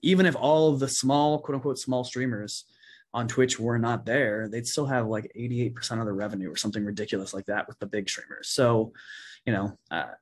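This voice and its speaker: A male podcast host with a husky edge to his voice, talking earnestly in a relaxed chat. He works his thoughts out aloud and hedges them with small fillers. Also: mid-range voice, a little fast. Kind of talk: casual podcast conversation.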